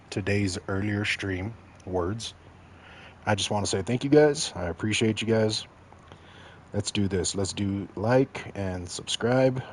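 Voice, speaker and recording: A man with a lowish voice chats his way through a game stream, cracking jokes and talking directly to his viewers. He is from Mexico and keeps things loose and casual, with a faint hum of background noise. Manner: joking, chatty, talks straight to chat. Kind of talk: casual gameplay commentary.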